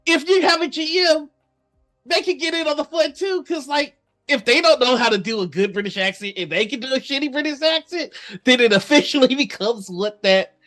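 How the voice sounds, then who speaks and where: A woman's voice: sits high, fairly quick, faint music behind. A woman co-hosting a casual stream chat, laughing often and swearing freely. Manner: laughing often, profane and animated.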